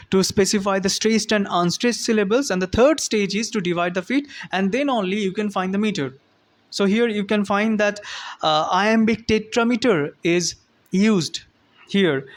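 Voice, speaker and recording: A man delivering a recorded lesson at a deliberate teaching pace. He builds each point step by step, repeats key phrases and fills pauses with "uh" and "you know", slowing down further to spell out terms. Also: high-pitched. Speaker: literature teacher. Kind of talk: recorded lecture explaining poetry scansion.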